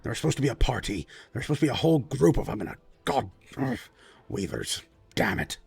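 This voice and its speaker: A man's voice: medium pitch, very animated, quick pace, gravelly, husky, no room sound, heavily acted. Grumbling, bossy nobleman for a tabletop game, played by a man. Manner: grumbling, snapping orders. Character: pompous impatient male lord on the run, rude. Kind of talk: tabletop role-play voice.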